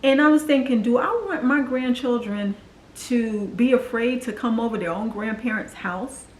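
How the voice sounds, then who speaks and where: A woman's voice: a little high, normal speed, reverberant, slight background noise, poor audio. A woman in her forties telling her personal story to the camera in an earnest, confiding way. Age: 40s. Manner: earnest, confiding, acts out quoted voices. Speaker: vlogger.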